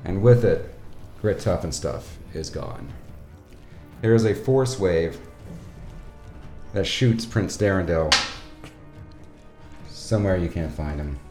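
Low slow-talking game master. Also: male voice, animated. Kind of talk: narrating a tabletop game. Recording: echoey room with faint music.

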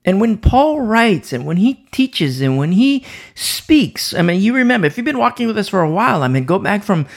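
A man's voice: high voice, big pitch swings, moderate pace, gravelly, few pauses. A man teaching the Bible informally from the pulpit, with a sore throat and frequent restarts and repeated words. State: sore throat, pausing to sip coffee. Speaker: preacher.

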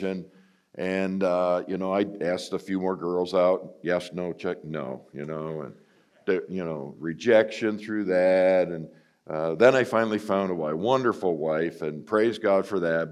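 A middle-aged man with a fairly low voice gives a sermon as personal storytelling. His delivery is casual and self-mocking, full of "you know" fillers. He acts out quoted lines with sharp leaps up in pitch. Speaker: guest preacher.

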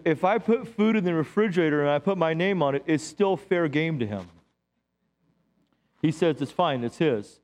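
A middle-aged man, a pastor, preaching a sermon in a church with lively, joking storytelling. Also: fairly high pitch.

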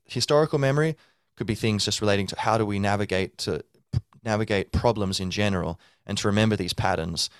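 A man's voice: fairly low pitch, no room sound, studio quality. A man hosting a podcast, talking casually in a loose, rambling monologue full of fillers and restarts. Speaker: podcast host.

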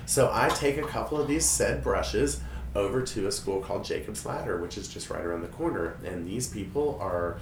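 A man with a lowish voice tells a story with animated energy. He brings the people in it to life with quoted voices. He sounds a little away from the mic in a roomy space with faint ambience. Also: moderate pace, noisy background. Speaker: hairstylist and guest storyteller. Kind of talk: casual storytelling chat. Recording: roomy, a bit distant, faint room ambience.

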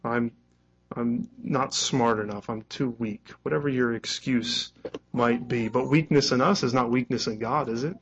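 A male pastor delivers a sermon in an easy, conversational manner. He slips into quoted lines with a bit of acting and a light chuckle, at an ordinary middle pitch. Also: normal speed, husky, lo-fi sound.

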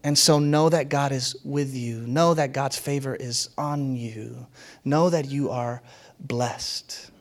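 A man's voice: mid-range voice, steady tone, slow pace. A man preaching a sermon as a pastor, in a conversational and playful way, often laughing and acting out what others said.

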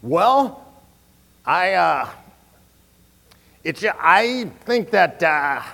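Guy putting on a stammery radio host who blows up into a shouting rant, high and loud, big hall echo. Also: sing-song, extremely slow, gravelly, heavily acted. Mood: flustered. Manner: stammering, then shouting rants. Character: flustered then furious male radio host.

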